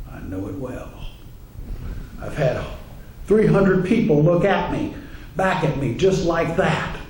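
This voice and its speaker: A man's voice: on the high side, lively intonation, unhurried, darkish tone, slight background noise. A male minister giving a humorous sermon in a wry, conversational way, acting out the voices he quotes. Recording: echoey room, faint ambience.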